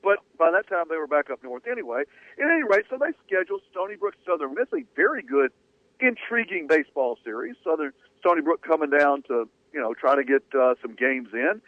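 A man's voice: fairly high pitch, big pitch swings, brisk, dry recording. A man co-hosting sports talk radio, telling a story in a loose conversational way. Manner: conversational, hedging with fillers. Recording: dry tinny phone-like radio audio.

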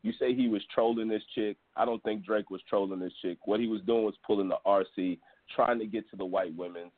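A low-pitched man gives blunt, joking takes in a casual sports chat. His voice is dry and tinny, as if it comes over a telephone. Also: fairly even intonation, brisk, no echo. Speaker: podcast panelist. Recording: tinny phone-like sound.

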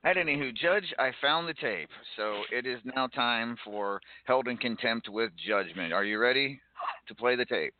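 A man's voice: mid-range voice, lively intonation, moderate pace. A man hosting a wrestling radio show with dry, mock-annoyed banter. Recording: tinny phone-like lo-fi recording.

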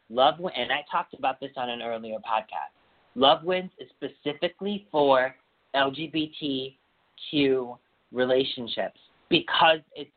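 A woman hosting a podcast, chatting casually and animatedly with strong opinions and gossipy storytelling. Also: low-pitched. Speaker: podcast host. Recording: tinny phone-like sound.

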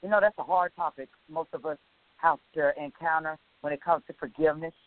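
A woman hosting a faith-based interview, talking in an emphatic, expressive way. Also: deep voice, a little fast, no room sound. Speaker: radio show host. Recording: tinny phone line.

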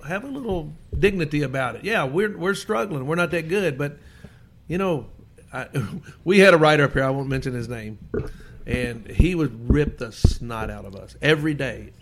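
Gravelly older man telling ball stories. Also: fairly high pitch, animated, moderate pace, fairly bright tone. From Kentucky. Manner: folksy anecdotes, chuckling. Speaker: guest, former baseball player. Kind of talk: casual storytelling interview.

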